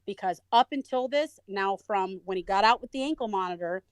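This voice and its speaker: A woman guest in an interview, telling her own story in a lively way and acting out the voices of people she quotes. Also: mid-range voice, fairly quick, smooth, no echo. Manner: animated, acts out quoted voices. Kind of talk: conversational storytelling.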